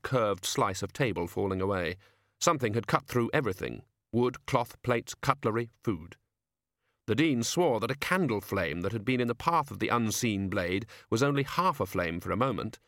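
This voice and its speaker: Lively male audiobook narrator. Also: lowish voice, no echo, clean studio sound. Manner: lively, expressive reading. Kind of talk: scripted narration.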